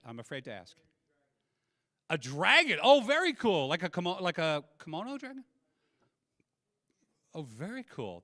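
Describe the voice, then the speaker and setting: A man runs a stand-up set, chatting with audience members and dropping deadpan punchlines. His voice is bright and sits a little high, and it is recorded dry and close on a handheld mic. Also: no echo. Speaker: stand-up comedian. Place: convention comedy room.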